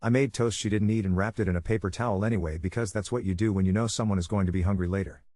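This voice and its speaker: Man, story narration, steady measured reading, slightly low voice, dry close sound. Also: no room sound. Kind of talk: scripted first-person story narration.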